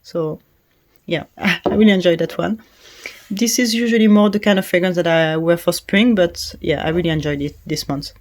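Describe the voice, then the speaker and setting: Her pitch is fairly low and her pace moderate as she talks through a perfume in a relaxed, conversational way. She's a fragrance reviewer whose first language is French, and her accent shows; she hesitates frequently and laughs lightly now and then.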